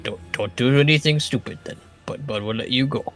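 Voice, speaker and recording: A man playing a simple-minded, brutish male first mate who speaks about himself in the third person in a halting, blunt way. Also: mid-range voice, a bit bright, faint music behind, lightly acted.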